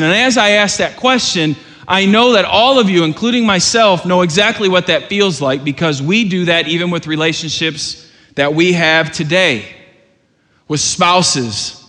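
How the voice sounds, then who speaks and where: Bright-voiced preacher in a reverberant hall. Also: male voice, fairly high pitch. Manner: earnest preaching, rising to loud urgent questions. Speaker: pastor. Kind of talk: sermon.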